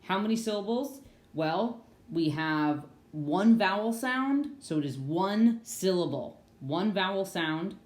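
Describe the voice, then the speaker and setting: Upbeat young woman teacher for a kids' online reading lesson; lower voice, roomy echo. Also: expressive, takes it slowly, a little mellow. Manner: upbeat and playful, sings phrases.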